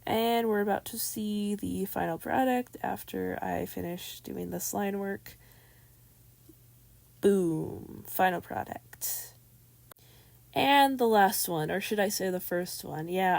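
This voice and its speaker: A woman's voice: mid-range voice, slow, vocal fry, darkish tone, no echo. A woman giving casual voice-over commentary on her artwork, chatty and rambling, with many fillers. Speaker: digital artist commenting on her timelapse.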